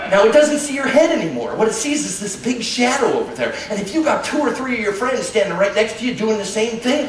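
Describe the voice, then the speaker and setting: A man's voice: extremely high pitch, huge pitch swings, moderate pace, a crowd in the background. A man giving a playful, joking live lecture about wildlife in a large hall, recorded from far off. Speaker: nature lecturer. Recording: echoey hall from far off, noisy.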